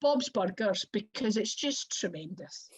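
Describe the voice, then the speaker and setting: A woman's voice: medium pitch, animated, a little slow, slightly rough. A Scottish woman wrestler chatting as an interview guest, rambling and full of "like" fillers. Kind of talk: casual interview chat. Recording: muffled lo-fi audio.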